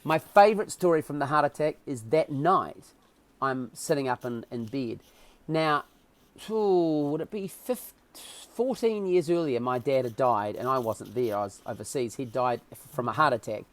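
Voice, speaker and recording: A man's voice: mid-range voice, lively intonation, normal speed. A middle-aged man, telling a story as a podcast guest with comic, self-mocking asides and acted-out quotes. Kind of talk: animated personal storytelling.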